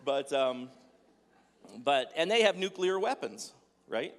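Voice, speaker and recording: A man's voice: a little high, lively intonation, slow pace. A man giving a humorous sermon in a conversational, joking way, full of rhetorical questions. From Dutch heritage. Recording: echoey hall with long reverb.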